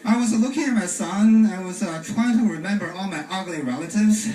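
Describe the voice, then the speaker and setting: A man from China with a Chinese accent, doing a stand-up comedy set in a deadpan way with frequent "uh" pauses. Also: high-pitched. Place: comedy stage before a live audience. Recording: echoey stage from far off with loud room noise.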